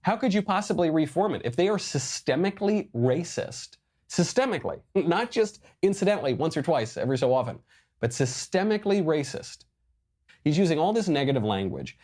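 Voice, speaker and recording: A man's voice: fairly high pitch, brisk. A man giving emphatic, sarcastic political commentary over news clips. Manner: emphatic, sarcastic, lively delivery.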